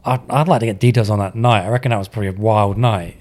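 A man's voice: fairly low pitch, steady tone, fast, a little mellow. A man on a casual podcast, throwing in short dry quips and reactions. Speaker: podcast co-host. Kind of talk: casual chat.

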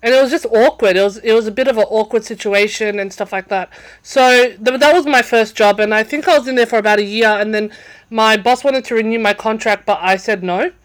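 Speaking briskly in a higher voice, a young podcast guest chats casually as she recounts a story. Her speech is full of fillers and restarts.

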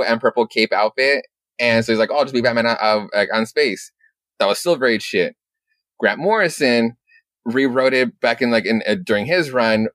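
Excited man rambling a comic recap. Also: mid-range voice, no echo. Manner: excited, rambling, swears a lot, many restarts. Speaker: podcast co-host. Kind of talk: casual comic book recap.

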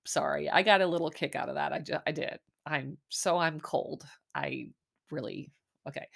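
A woman's voice: mid-range voice, vocal fry, a bit bright. A woman hosting her own podcast, talking through a reality show episode in an easy, casual way. She rambles and restarts often and breaks into giggles, and her voice sits in an ordinary middle range. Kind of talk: casual chat.

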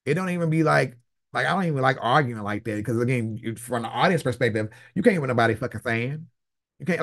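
A man hosting a casual live chat with callers, telling stories bluntly, animatedly and with plenty of swearing. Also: medium pitch. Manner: blunt, profane, animated storytelling. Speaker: host.

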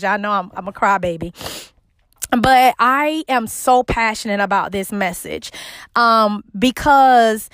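A woman's voice: on the high side, measured pace, a bit bright, no room sound. A woman hosting a devotional podcast, preaching with exuberant, emphatic repetition and speaking straight to her listeners. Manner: exuberant, emphatic, repeats herself for effect; talks directly to listeners as y'all. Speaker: podcast host and ministry co-founder.

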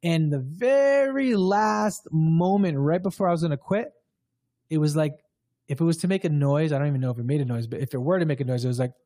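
A man with a fairly high, mellow voice tells a candid personal story as a guest. He talks casually and loosely, full of fillers. The sound is dry and close. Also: fairly quick, dry recording. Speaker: guest, breathwork coach.

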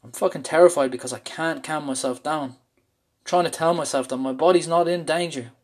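In a brisk, fairly high voice, an Irish man shares an intense, candid account of having a panic attack. He's open about it and swears freely as he tells this personal story.

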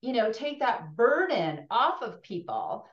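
A woman hosting a conversational interview, speaking with gentle humor. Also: on the high side, big pitch swings, unhurried. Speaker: host. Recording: dull, echoey room sound.

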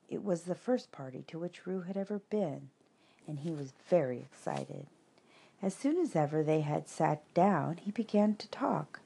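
A woman narrating an audiobook of reflective prose in a calm, wry, measured way. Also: low-pitched, creaky, breathy edge.

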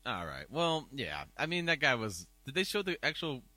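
A man's voice: mid-range voice, very animated, moderate pace, bright, forceful tone, a little hiss or hum. A man co-hosting a podcast in casual chat, mostly giving short reactions. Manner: short reactions and backchannel comments. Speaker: podcast co-host.

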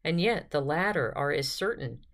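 A woman hosting a devotional podcast retreat, leading a prayer and reading a spiritual classic aloud in a calm, steady way. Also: sits low, moderate pace. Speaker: podcast host and retreat guide.

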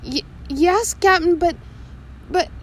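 A woman's voice: sits high, normal speed, slight background noise, lightly acted. Woman doing a timid, stammering pirate sailor. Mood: flustered. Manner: stammering, nervous.

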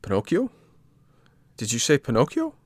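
A man voicing an eager, tearful boy puppet in a storybook reading, talking in a high, pleading, excitable way. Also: moderate pace, husky, dry recording, heavily acted. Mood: surprised.

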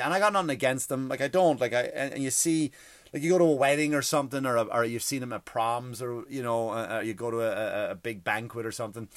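A man with a mid-range voice ranting for comedy, swearing freely and cutting himself off mid-sentence. He often jumps into loud outbursts. The sound is dry and close, with almost no room. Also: mid-range voice, no echo. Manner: profane, self-interrupting, with sudden loud outbursts. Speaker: podcast host. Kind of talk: comedic rant.

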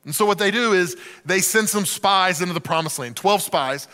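A man preaching a sermon in an animated way, acting out the voices of the people in the story. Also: sits high, normal speed, in a large hall. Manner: animated, acts out quoted voices. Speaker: pastor.

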